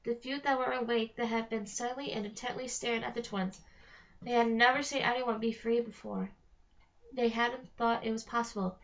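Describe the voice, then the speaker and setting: A woman reading a novel aloud in a steady storytelling manner, slowing on key phrases. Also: fairly high pitch. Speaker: reader. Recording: dull lo-fi recording.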